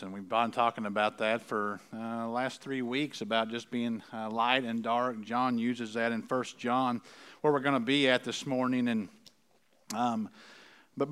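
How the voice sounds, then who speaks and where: A man's voice: mid-range voice, a bit bright, smooth. A middle-aged man giving a conversational sermon, telling stories and often checking in with his listeners. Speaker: preacher.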